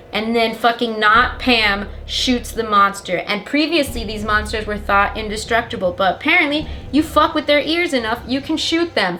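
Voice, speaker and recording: A woman's voice: fairly high pitch, fairly bright tone, slight background noise. A young woman giving a rambling, sarcastic and profane comedic plot summary of a film. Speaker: comedic movie recapper.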